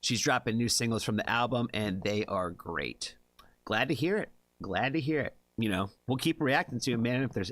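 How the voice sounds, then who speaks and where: An American man hosts a music reaction stream, chatting casually and ramblingly with viewers and using lots of fillers. His voice is mid-range and a bit bright, with no echo in the recording.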